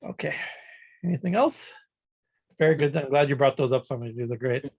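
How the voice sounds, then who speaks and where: A man's voice: medium pitch, a little fast, a little mellow. A man, a swami, giving an informal scripture lecture over a video call, often checking in with "right?" and restarting his sentences. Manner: conversational, tags points with "right?", frequent restarts. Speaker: swami teaching a scripture class.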